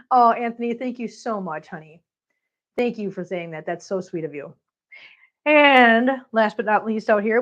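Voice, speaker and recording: In a fairly high voice, with the highs cut off in the recording, a woman vlogger walks through her living room and out to the catio with a handheld phone. She chats casually for her live stream, laughs often, and coos at her cats in baby talk.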